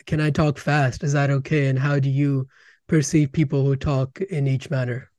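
A man hosting a podcast interview, asking questions in an excitable way and often repeating words as he starts a sentence. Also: medium pitch, normal speed, no room sound. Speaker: podcast host.

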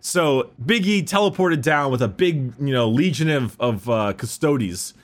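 A man's voice: mid-range voice, expressive, unhurried. A man casually telling a long story, rambling with fillers and restarts.

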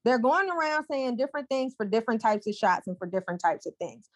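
A woman's voice: on the high side, lively intonation, quick pace, no echo. A woman co-hosting a podcast who argues her point insistently in a casual debate. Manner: insistent, argumentative.

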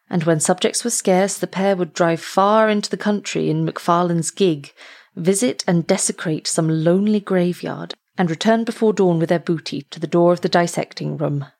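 Woman narrator, audiobook reading, husky gravelly voice, measured pace. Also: on the low side. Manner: steady, measured storytelling.

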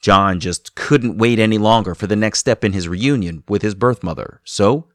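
A man hosting the show and reading scripted narration in a smooth, even delivery. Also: on the low side, normal speed, dry recording, studio quality. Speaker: host and narrator.

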